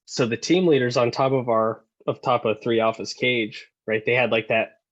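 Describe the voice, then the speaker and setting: A man telling stories as a podcast guest, animated and profane, acting out the voices he quotes and laughing as he goes. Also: mid-range voice, moderate pace, muffled recording. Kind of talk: casual storytelling.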